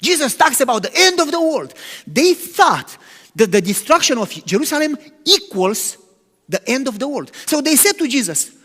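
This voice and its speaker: Animated preaching man in echoing hall. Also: very high voice, normal speed. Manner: animated preaching, swings from loud to hushed. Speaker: pastor. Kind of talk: sermon. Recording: long hall reverb.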